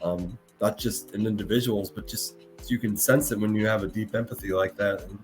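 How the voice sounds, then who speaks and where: A man hosts a live podcast in a lowish, fairly even voice, speaking a little fast over soft background music. He sounds earnest and emotional, often pausing to repeat himself and start his words over.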